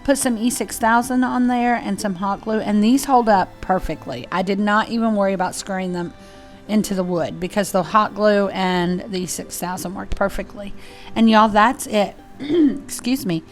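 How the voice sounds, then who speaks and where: A woman's voice: medium pitch, moderate pace. A woman hosting a casual craft tutorial, chatty and apologetic and a little out of breath. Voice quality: chatty, apologetic, uses y'all. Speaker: DIY crafts channel host. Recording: soft music behind.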